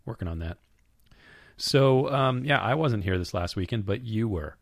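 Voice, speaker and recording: A man co-hosts a relaxed chat with a hoarse, low voice still worn from losing it. His talk is wry and joking, and the sound is close and dry with no room around it. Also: normal speed, dry recording. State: hoarse, recovering voice. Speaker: podcast co-host. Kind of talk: casual chat.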